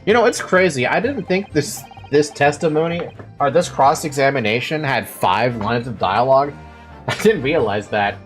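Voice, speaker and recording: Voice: medium pitch, lively intonation, normal speed, soft background music. A let's play host casually commenting on a game and reading its dialogue aloud, reacting and laughing often.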